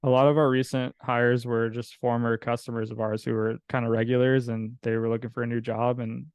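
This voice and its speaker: A man's voice: medium pitch, little pitch movement, a little fast, darkish tone, clean tone, no room sound, highs cut off. A man from California, a coffee business owner, talking casually as a podcast guest, rambling with fillers and restarts.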